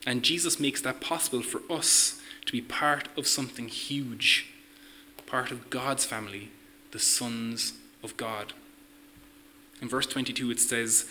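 A man's voice: medium pitch, fairly even intonation, slow, pauses often, sharp tone, slight background noise, low-quality recording. A man preaching a sermon, earnest, putting questions to his listeners as he reads from scripture.

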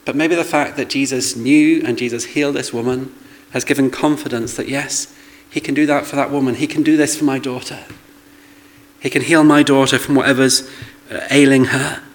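Guy preaching a sermon, chatty, asks the room questions, middle pitch. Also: poor audio. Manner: conversational, rhetorical asides and questions.

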